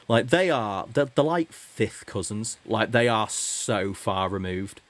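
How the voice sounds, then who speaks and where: A man's voice: fairly low pitch, lively intonation, a little slow, few pauses. A man co-hosting a hockey podcast, talking casually and rambling with many restarts. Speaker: podcast co-host.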